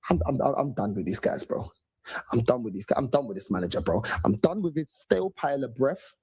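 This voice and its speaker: An irate man vents about his football club in a raspy, breathy voice. His pitch swings wildly as he stammers, swears and mocks. It is a casual heated rant. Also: expressive, brisk, a little mellow, no echo. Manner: angry, profane, stammering, mocking impressions. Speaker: football fan ranting on a panel.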